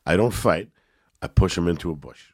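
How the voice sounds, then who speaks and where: Low-voiced and fairly quick, this man is a guest comedian on a relaxed podcast, spinning animated stories while he stammers and starts over.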